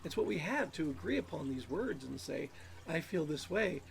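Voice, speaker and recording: A man's voice: fairly high pitch, lively intonation, moderate pace, vocal fry. A man hosting his channel in a rambling self-help monologue, sounding a little nasal from allergies. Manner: rambling, musing, repeats words. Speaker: channel host.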